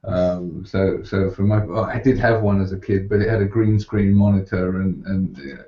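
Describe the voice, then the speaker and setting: A middle-aged man hosting an interview, asking questions in an unhurried, even-toned way. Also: low-pitched, roomy sound, highs cut off. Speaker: host. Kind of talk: casual interview chat.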